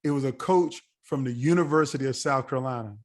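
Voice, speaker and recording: A man in his forties, a podcast guest telling a story in a casual, animated way and acting out the dialogue. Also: mid-range voice, fast. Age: 40s. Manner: animated, acts out quoted dialogue.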